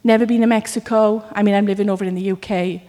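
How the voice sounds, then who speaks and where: A woman from Wales preaching a sermon, telling stories with lively acted asides. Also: medium pitch, quick pace, big-room sound. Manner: animated storytelling with acted asides.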